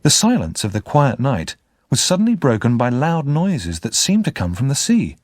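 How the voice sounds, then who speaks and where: A man's voice: mid-range voice, moderate pace. A man narrating an audiobook expressively. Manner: expressive, lively. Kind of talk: scripted narration.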